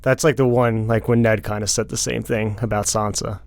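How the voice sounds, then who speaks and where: A man co-hosting a podcast in casual chat, talking in rapid bursts with lots of "like" fillers. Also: fairly low pitch, flat delivery, vocal fry, dry recording. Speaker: podcast co-host.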